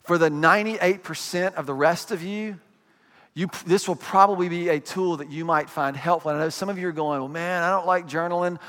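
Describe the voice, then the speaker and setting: High-voiced male pastor, conversational sermon. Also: a bit bright, big-room sound. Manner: conversational preaching with asides and quick acted quotes.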